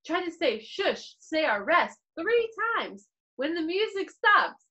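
A woman's voice: very high voice, very animated, slow pace, bright, forceful tone, rough recording. A woman teaching a virtual piano class to preschoolers in a sing-song, playfully exaggerated way. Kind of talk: virtual music class for young children.

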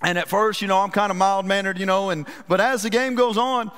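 High-voiced pastor in a hall. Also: male voice, brisk, clear, resonant tone. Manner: folksy, animated storytelling with self-deprecating humor. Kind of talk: sermon. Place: church sanctuary. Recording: reverberant church hall.

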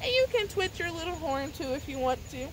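A woman's voice: high-pitched, big pitch swings, fairly quick, slight background noise, low-quality recording. A woman leading a children's sign language lesson outdoors at a farm, cheerful and sing-song like a teacher. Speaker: children's librarian.

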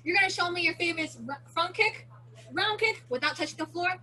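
A woman's voice: very high voice, brisk, bright, forceful tone, slight background noise. A teenage girl leading a daily challenge for a virtual kids' martial arts class, playful and chatty, explaining each step over a video call. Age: teen.

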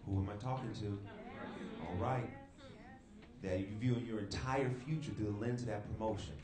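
A man's voice: on the low side, moderate pace. A young adult man from the Bay Area preaching a sermon, telling a personal story with asides to the crowd at a live event. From San Francisco Bay Area. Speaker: youth speaker. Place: church hall, live event. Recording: roomy live room with background noise.

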